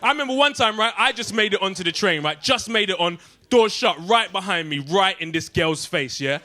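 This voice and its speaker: A young man with a London accent doing a stand-up set in a comedy club, animated and streetwise, tagging lines with questions. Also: sits high, fairly quick, no echo.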